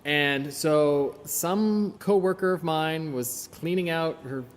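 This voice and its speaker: A man's voice: fairly high pitch, takes it slowly. Chatty, upbeat man in a roomy space. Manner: chatty, enthusiastic, self-deprecating. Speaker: podcast host. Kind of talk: casual solo podcast, unboxing.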